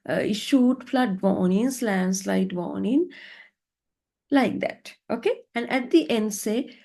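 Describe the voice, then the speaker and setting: A woman's voice: on the high side, creaky, darkish tone. A woman teaching an online lesson, patient and encouraging, often checking in with "right?". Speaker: English teacher. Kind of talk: online English lesson, coaching students. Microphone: video call.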